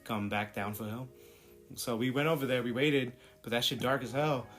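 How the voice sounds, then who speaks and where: A man's voice: mid-range voice, normal speed, a bit bright, soft background music. Young male co-host, mid-range voice, laughs easily, loose and jokey. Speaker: podcast co-host. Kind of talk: casual chat.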